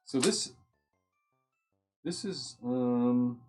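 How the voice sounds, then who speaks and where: Male live-stream host with a mid-range voice. Casual and rambling, easily distracted, with soft music in the background. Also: medium pitch, very slow. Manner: chatty, easily sidetracked, thinks aloud while reading.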